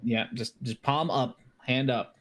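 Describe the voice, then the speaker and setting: A man's voice: medium pitch, fairly even intonation, measured pace, a little hiss or hum. A man narrating as game master of a tabletop game, hesitant with many restarts.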